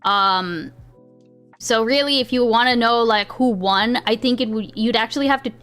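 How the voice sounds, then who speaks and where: A woman's voice: on the high side, moderate pace, a bit bright, clear, resonant tone. A woman livestreamer chatting casually with her chat, rambling, restarting sentences and laughing often. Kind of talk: casual live-stream chat. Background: faint chill background music.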